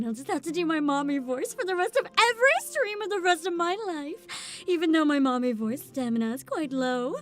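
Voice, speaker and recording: In a high, youthful voice, a woman VTuber streamer chats casually with her viewers. She comes across as bubbly and animated, and she swears often.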